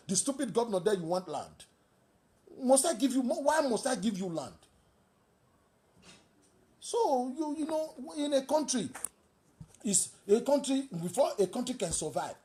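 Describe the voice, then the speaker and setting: Warm in tone and mid-range in pitch, a Nigerian-accented speaker hosts a talk show with fiery political commentary. They lean on rhetorical questions and repeat phrases to drive points home.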